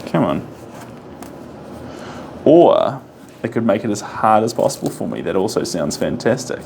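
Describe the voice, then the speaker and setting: This man paints on a live stream, casually chatting with viewers, reading and answering their comments, and humming and singing to himself. His voice is fairly low, sing-song, and measured, with vocal fry and a darkish tone; he speaks non-American English with a rolled R over a little hiss or hum.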